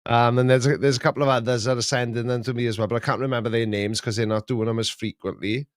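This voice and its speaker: A man's voice: medium pitch, steady tone, fast talker, dry recording. Middle-aged male streamer, rambling chatty host, dry close sound. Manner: rambling, chatty, chuckles at his own jokes. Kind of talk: casual live-stream chat.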